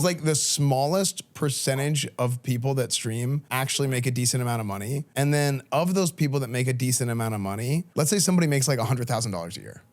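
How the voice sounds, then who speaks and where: A young man from Texas, a streamer talking casually to a school class and answering questions in an informal, chatty way full of restarts. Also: mid-range voice. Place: classroom, indoors.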